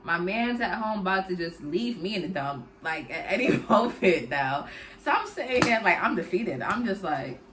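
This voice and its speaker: A woman's voice: medium pitch, lively intonation, normal speed, background noise. A young adult woman telling a personal story in a casual, chatty way, with lots of "like" and "y'all" as she talks to her viewers.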